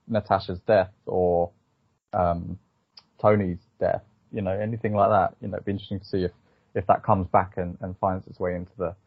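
Low, husky-voiced man musing. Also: no room sound. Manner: thoughtful, musing, full of "you know" and "I mean". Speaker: podcast co-host. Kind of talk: casual chat, discussing an episode. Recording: dull lo-fi, dry.

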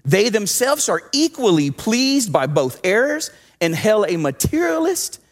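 Pastor guy from southwest texas preaching, kinda high voice, jumps all over the place, loud then real quiet. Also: measured pace, soft background music. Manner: animated storytelling, swings from loud to hushed. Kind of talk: sermon with personal story.

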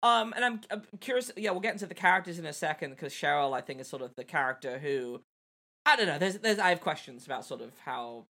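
Woman, lowish voice, born abroad, playful and animated, repeats words, casual podcast chat. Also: fast talker. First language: not American, born abroad. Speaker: podcast co-host. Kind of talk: casual film discussion.

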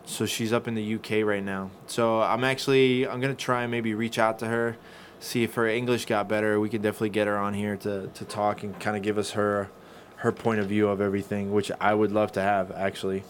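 Profane, animated male podcast storyteller. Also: fairly low pitch, brisk, slight background noise. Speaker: podcast co-host. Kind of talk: casual chat.

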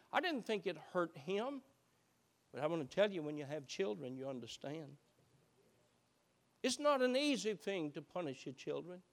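A pastor, a man with a high, light voice, preaching a sermon. He drops low and soft, then climbs into impassioned, loud exhortation.

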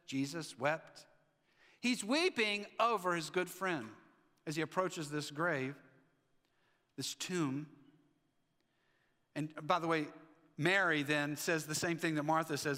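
A man preaching a sermon as pastor, animated, acting out the lines of the people in the story. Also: on the high side, normal speed, big-room sound. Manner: animated, acts out the Bible figures' lines. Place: church sanctuary.

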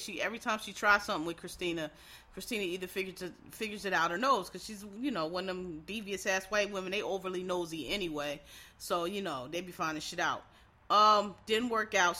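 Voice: mid-range voice, pushed and bright. A vlogger giving a casual, rambling monologue review of a TV show, blunt and opinionated, with lots of fillers and swearing. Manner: frank, opinionated asides to viewers.

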